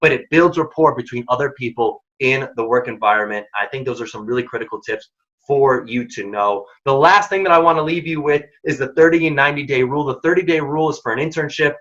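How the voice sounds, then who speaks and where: Bright-voiced man giving career workshop advice. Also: mid-range voice, fast talker, lo-fi sound. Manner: direct, emphatic advice with punchy short lines. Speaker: program founder and workshop host.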